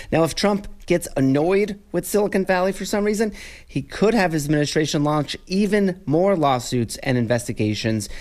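A man as a radio tech correspondent, calmly explaining a story in an interview. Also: fairly high pitch. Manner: explanatory, measured.

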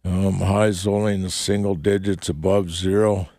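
A man working as a radio DJ, reading a weather forecast on air in unhurried, halting phrases from a studio microphone. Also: low-pitched, level tone, dark tone, no room sound.

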